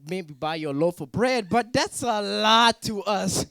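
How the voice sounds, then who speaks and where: Playful high-voiced stand-up comic man. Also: lively intonation, gravelly, fairly bright tone, clean tone, no echo. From Africa. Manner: playful, teasing, quick to mock outrage. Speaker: stand-up comedian. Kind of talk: stand-up comedy set. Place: student talent show stage.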